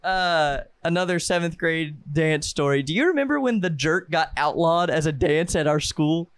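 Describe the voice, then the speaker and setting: Young man, casual co-host, fairly high, dry mic, animated storyteller. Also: moderate pace, clean tone, no echo. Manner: animated storytelling, acts out voices. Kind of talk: casual chat.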